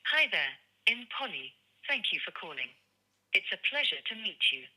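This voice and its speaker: Synthetic female voice, AI phone agent, very bright tone, cheerful, friendly, polished. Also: medium pitch, sing-song, normal speed, slightly rough, poor audio.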